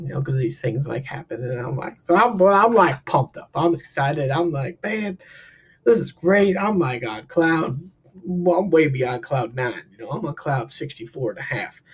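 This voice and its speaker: A man tells a personal story in a casual, lively way, leaping up in pitch whenever he acts out the people in it. His voice is a little husky and sits at a middling pitch. The recording sounds dull and lo-fi. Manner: animated, acts out quotes with big pitch jumps. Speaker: counselor.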